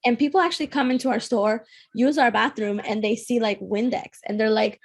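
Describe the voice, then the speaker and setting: A woman's voice: on the high side, fairly quick. A woman who founded a shop, speaking as an interview guest and earnestly making her case. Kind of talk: casual interview chat.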